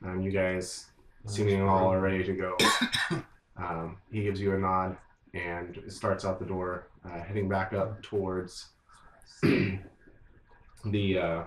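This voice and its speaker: A man narrating as game master in a tabletop game, halting and filling pauses with ums and uhs. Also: low voice, flat delivery, a crowd in the background. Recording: echoey room with faint noise.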